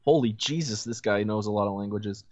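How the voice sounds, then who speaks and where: A man's voice: fairly low pitch, fairly quick, a little mellow, dry recording. A man reading a story aloud as co-host of a comedic read-along, breaking off into joking asides. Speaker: reader and co-host. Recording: dull lo-fi audio.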